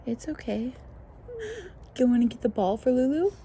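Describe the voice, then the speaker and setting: A mom vlogger chatting casually in her backyard, relaxed with the camera and turning to sing-song baby talk with her toddler. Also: fairly high pitch, moderate pace. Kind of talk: casual home vlog chat. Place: backyard outdoors. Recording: outdoor ambient noise.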